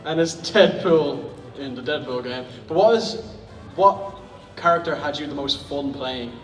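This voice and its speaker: A man's voice: a little high, a little slow. Eager male fan in an echoey hall. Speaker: audience member asking a question. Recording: echoey hall recorded from far off.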